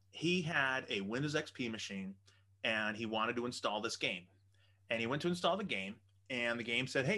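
Animated, bright-voiced man telling a story. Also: medium pitch. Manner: animated, swears freely. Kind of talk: casual storytelling.

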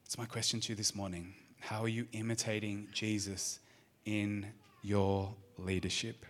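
A man with an Australian accent preaching a sermon, speaking straight to the congregation with lively questions. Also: lowish voice, normal speed. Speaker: pastor. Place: church service.

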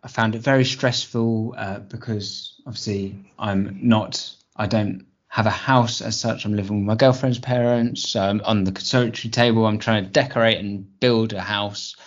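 Earnest man, low voice, podcast regular, muffled recording. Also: fairly even intonation, moderate pace, few pauses. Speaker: podcast regular presenting a segment. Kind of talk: casual podcast chat. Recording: dull lo-fi podcast audio.

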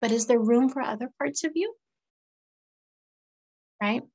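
A therapist guest with a fairly high voice and vocal fry speaks at a measured pace in a casual exchange. Sincere and reflective, she mimics her clients in lively tones, over poor-quality audio.

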